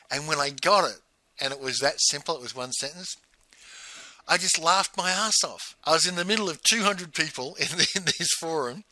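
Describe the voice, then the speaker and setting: A man's voice: a little high, dry recording. A man hosting his own show, telling a personal story in casual monologue and laughing as he talks. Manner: animated, laughs while telling stories. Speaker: host.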